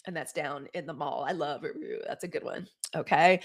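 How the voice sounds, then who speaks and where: This woman's mid-range voice runs fairly quick, with hardly any pauses. Hosting a casual livestream, she gives animated commentary and reads out live comments.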